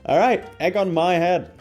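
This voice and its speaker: A man casually reviewing products and telling a story, animated and self-deprecating, laughing often and restarting sentences. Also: high-pitched, lo-fi sound. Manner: rambling, restarts a lot. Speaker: YouTuber.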